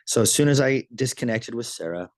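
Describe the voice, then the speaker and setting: A man giving a motivational business training talk, telling a story with lively enthusiasm and frequent restarts and repeated words. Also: mid-range voice, a little fast, no echo.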